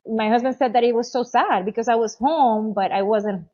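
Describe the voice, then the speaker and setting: A middle-aged woman guest telling a personal story in a casual interview, animated, acting out what others said. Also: a little high, a little fast, lo-fi sound. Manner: animated, acts out quoted voices, many "you know"s.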